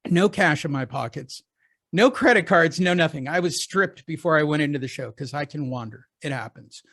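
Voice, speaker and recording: A man's voice: on the high side, lively intonation, moderate pace, a bit bright. A man who coaches real estate agents, chatting casually on a group call with anecdotes and joking asides.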